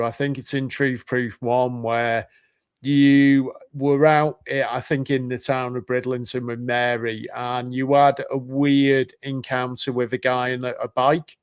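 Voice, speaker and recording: A male radio host asks his guest questions and gives short prompts. His voice is smooth and resonant at a middling pitch, recorded dry and close. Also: no echo. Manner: brief encouraging prompts. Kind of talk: interviewing a guest.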